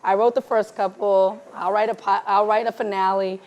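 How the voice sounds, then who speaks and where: Answering questions as a guest filmmaker in a live conversation, this woman from South Los Angeles, USA, is animated, laughing frequently while acting out conversations. She speaks at normal speed in a mid-range voice, and the audio sounds dull.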